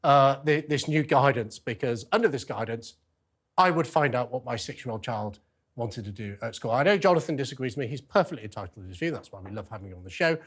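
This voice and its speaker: Animated Lancashire man hosting a debate. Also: mid-range voice, fast. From Lancashire, England. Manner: animated, playful, theatrical outrage. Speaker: host.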